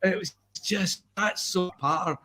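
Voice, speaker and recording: A man on a podcast, ranting in an animated, complaining way during casual chat. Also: high voice, slow. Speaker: podcast co-host.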